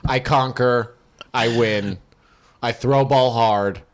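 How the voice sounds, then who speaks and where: A man's voice: medium pitch, fairly even intonation, takes it slowly, clean tone, close to an everyday voice. Glorp, a man playing a boastful alien quarterback. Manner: stiff formal speech, broken grammar. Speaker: podcast co-host. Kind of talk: improvised comedy character.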